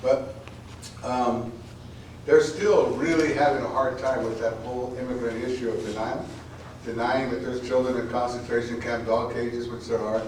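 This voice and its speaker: A man's voice: mid-range voice, little pitch movement, moderate pace, darkish tone. Guy reading his poetry at a college, talks kinda rambly then gets intense, faint hiss behind, heard from far. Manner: rambling and repeats words in talk, intense and emphatic when reading. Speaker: poet reading at a college event. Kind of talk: informal remarks then a dramatic poetry reading. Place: college event room. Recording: echoey room, voice from far off.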